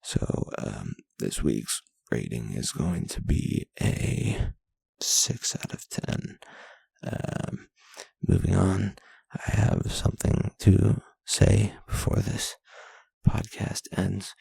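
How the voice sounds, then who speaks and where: A man's voice: deep voice, sing-song, slow, vocal fry, warm tone, slightly rough, no echo. A young man hosting a solo podcast, ranting and rambling casually with self-deprecating asides. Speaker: podcast host.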